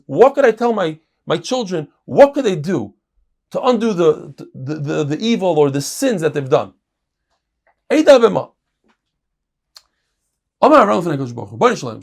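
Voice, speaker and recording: A middle-aged man, a rabbi teaching a Talmud lesson, reading Hebrew and Aramaic passages and explaining them in English with lively emphasis. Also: gravelly. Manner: animated, jumps in pitch and volume for emphasis.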